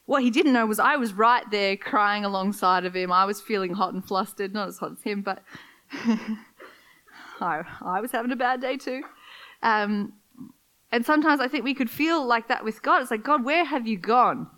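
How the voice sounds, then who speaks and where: A woman's voice: mid-range voice, normal speed, sharp tone, poor audio. A woman preaching a sermon, reading scripture and telling personal stories in a candid, conversational way.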